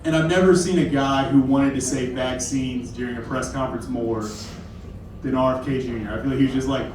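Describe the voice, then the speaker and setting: A young Kentuckian performs stand-up at a comedy club, wandering through self-deprecating material with apologetic asides. He speaks a little fast in a mid-range voice, with background noise, and is captured from a distance in a very echoey space.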